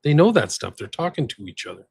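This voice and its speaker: A man's voice: a little high, very animated, quick pace, darkish tone, husky. A man co-hosting a podcast, chatting casually in a rambling, conversational way and speaking to the live chat. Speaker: podcast co-host.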